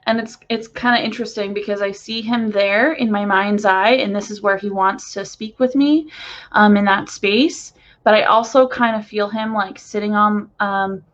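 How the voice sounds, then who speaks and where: A woman's voice: medium pitch, lo-fi sound. A woman channeler talking to viewers in a casual, gushing way with lots of fillers, recorded in her bedroom. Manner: excitable, gushing, many fillers. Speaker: spiritual channeler.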